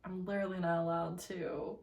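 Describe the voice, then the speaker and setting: A woman hosting a casual reading vlog, talking in an animated, emphatic way and laughing often. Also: lowish voice, brisk, recorded from a distance, muffled recording, slight background noise. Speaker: booktuber host. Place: home room with laptop.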